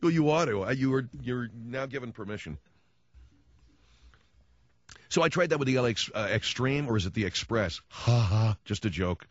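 A man's voice: medium pitch, lively intonation, brisk, no room sound, highs cut off. Wry male radio talk host. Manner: wry, sarcastic storytelling with acted-out quotes. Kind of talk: casual radio monologue. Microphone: studio microphone.

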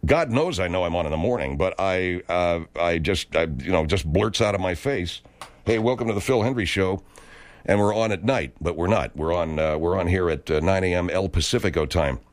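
A man's voice: sits low, brisk, few pauses. A man hosting a comedic radio talk show, rambling and stammering through digressions in a studio.

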